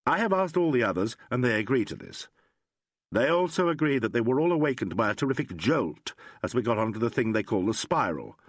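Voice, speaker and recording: A man voicing a calm, wry male detective who speaks crisply and courteously. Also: medium pitch, brisk, no echo, clean studio sound.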